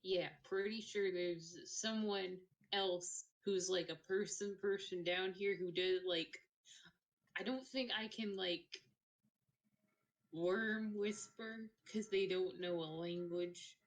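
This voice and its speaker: A woman's voice: on the low side, steady tone, takes it slowly. Rambling, swearing woman player. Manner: rambling, heavy swearing, many fillers. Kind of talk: casual tabletop play.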